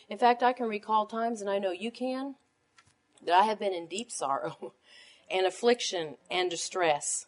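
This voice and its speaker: A woman teaching a Bible study to other women, reading scripture in a measured cadence and leaning on rhetorical questions. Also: medium pitch, lively intonation. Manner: emphatic, asks rhetorical questions.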